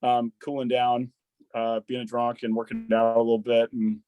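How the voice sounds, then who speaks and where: A man in his thirties, an army veteran, telling stories in a loose, casual way, peppered with "dude" and "like" and quick restarts. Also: mid-range voice, monotone, warm tone, smooth, no room sound, poor audio. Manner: loose and profane, full of "dude" and "like", restarts a lot. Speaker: podcast guest, army veteran. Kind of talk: casual conversational storytelling.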